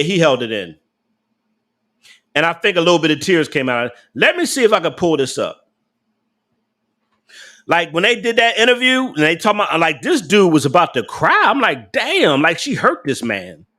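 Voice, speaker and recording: A man's voice: high-pitched, bright, forceful tone. A young adult man, casually ranting on a live stream, blunt and profane, laughing often and talking back to his chat.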